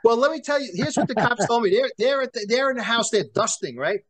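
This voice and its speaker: A man's voice: very high voice, fast talker. A man, a former prosecutor telling long stories as an interview guest, acting out the lines of the people in them, with many restarts. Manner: animated storyteller who acts out quoted dialogue, many restarts. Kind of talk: storytelling in a sit-down interview.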